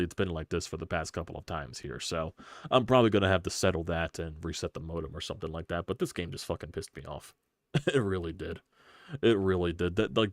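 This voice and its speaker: A man hosting a live sports stream, ranting in frustration with rapid-fire rhetorical questions and profanity. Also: deep voice, dry recording, clean studio sound. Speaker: sports channel host.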